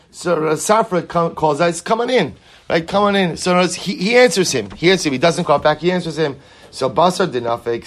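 Male Talmud teacher, mid-range voice, animated explainer who keeps asking "right?". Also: medium pitch. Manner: animated, rhetorical questions, repeats phrases. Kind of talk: Talmud class, reading Aramaic and translating.

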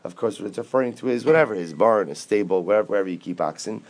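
A man's voice: lowish voice, very fast. A man teaching a Talmud class, explaining step by step with rhetorical questions and mixing English with Aramaic and Hebrew quotes.

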